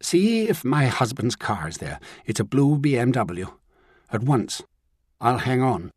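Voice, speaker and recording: A man's voice: mid-range voice, lively intonation, normal speed, a little mellow, dry recording, studio quality, lightly acted. A man reading the part of an urgent, commanding woman in an audiobook, giving orders in a clipped voice. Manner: clipped, brooks no argument.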